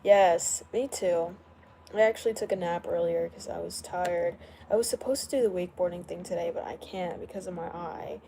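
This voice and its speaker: A woman's voice: lowish voice, normal speed, warm tone, a little hiss or hum. A young woman hosting a casual late-night livestream, chatting loosely, greeting viewers by name and laughing often. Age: young adult. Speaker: livestream host. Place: indoors at home, late at night.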